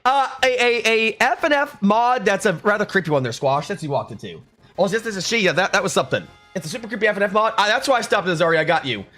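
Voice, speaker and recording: A livestreamer with a high, expressive voice talks quickly in a pushed, bright tone, with faint music playing behind him. He chats casually with his stream, reading messages aloud and answering them in an upbeat, chatty way. At times he's chewing food.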